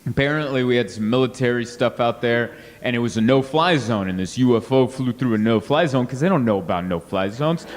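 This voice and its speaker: A man doing a stand-up comedy set on a club stage, rambling and animated, acting out voices and sound effects. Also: mid-range voice, brisk, few pauses. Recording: live club sound, reverberant hall, audience noise.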